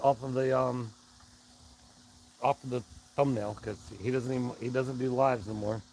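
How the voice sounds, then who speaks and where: A man's voice: mid-range voice, fairly even intonation, moderate pace, gravelly, darkish tone, a little hiss or hum, low-quality recording. A man hosting a casual live stream, rambling along and greeting viewers by name. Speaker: livestream host.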